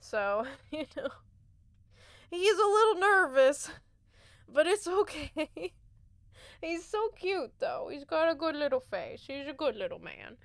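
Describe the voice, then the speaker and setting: Giggly high-voiced young woman streamer. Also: big pitch swings, measured pace, dry recording. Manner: chatty, giggly storytelling. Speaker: game streamer. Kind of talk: casual stream chat.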